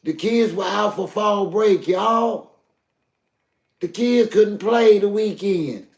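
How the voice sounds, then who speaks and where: Gravelly man on a live stream. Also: sits high, takes it slowly, reverberant. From Southern US. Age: older. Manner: heated, preachy, addresses chat directly. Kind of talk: emotional live stream talk.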